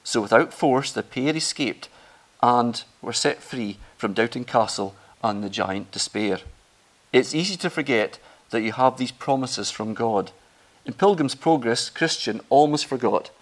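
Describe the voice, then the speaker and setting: A man preaching a sermon, earnest and emphatic, rising in pitch and volume on key phrases. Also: lively intonation, measured pace.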